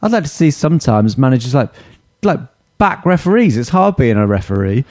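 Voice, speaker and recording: Male podcast host, casual, jokey, lively pitch. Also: brisk. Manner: jokey, laughs often, trails off mid-sentence. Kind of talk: casual chat.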